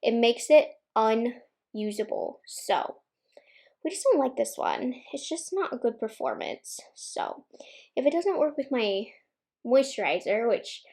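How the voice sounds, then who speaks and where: A young pregnant woman talks through a makeup review at home, candid and opinionated, slightly out of breath. Her voice sits a little high for a woman. She keeps a loose, chatty vlog tone. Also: sing-song, a little slow, a little mellow. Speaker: beauty vlogger. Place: home room at a makeup table.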